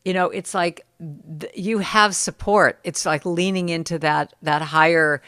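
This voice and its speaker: A middle-aged woman telling stories as a guest in a casual podcast conversation, lively when she quotes others. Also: lowish voice, measured pace, clear, resonant tone, dry recording, clean studio sound. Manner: storytelling, animated when quoting others.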